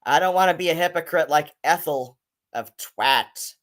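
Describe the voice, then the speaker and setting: A man's voice: a little high, normal speed, a bit bright. A man hosting a casual live-stream commentary, rambling and swearing, with many fillers and restarts.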